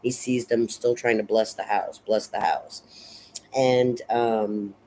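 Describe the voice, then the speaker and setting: A woman casually recapping and analyzing a film in a rambling, unhurried way, full of fillers and restarts. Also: a bass voice, fairly even intonation, warm tone, a little hiss or hum, poor audio. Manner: unhurried and reflective. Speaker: film reviewer.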